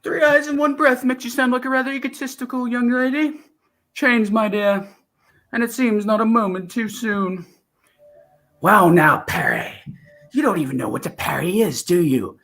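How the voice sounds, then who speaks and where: A man's voice: normal speed, fairly bright tone. A man doing an impression of the Doctor, an eccentric male time-travelling alien, breathless and theatrical. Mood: haughty. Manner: breathless, theatrical, swooping high. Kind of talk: amateur impression.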